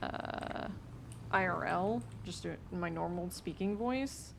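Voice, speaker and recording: A woman's voice: lowish voice, measured pace, creaky, background noise. A young woman from the American South chatting casually on a stream, rambling with lots of fillers and restarts.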